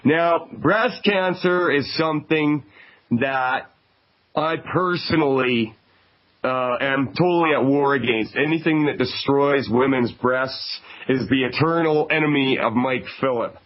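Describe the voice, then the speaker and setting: A man from Canada hosting a call-in radio talk show, talking in a conversational, emphatic way. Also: medium pitch. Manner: conversational, emphatic, repeats phone numbers slowly. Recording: dull lo-fi radio broadcast.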